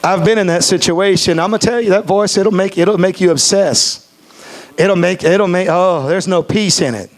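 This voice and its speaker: Preaching from the pulpit, a pastor speaks in a strikingly high voice and hammers his message in through repetition. At moments his delivery slows to a deliberate, measured rhythm.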